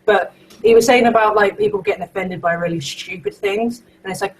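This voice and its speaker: A woman's voice: mid-range voice, a little fast, rough recording. A woman hosting a casual live video chat with friends, chatty and rambling, laughing as she retells stories. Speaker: host. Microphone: home computer mic on video call.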